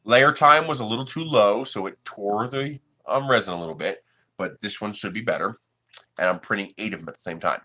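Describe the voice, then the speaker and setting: A man's voice: fairly low pitch, brisk, pushed and bright, slight background noise. A man from the United States hosting a 3D printing livestream, chatting casually with his viewers and chuckling often.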